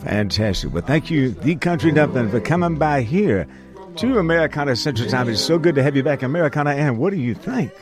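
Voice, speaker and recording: A man's voice: medium pitch, expressive, fairly quick. A man hosting a live radio show in a folksy, enthusiastic way, with music playing behind him. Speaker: radio host.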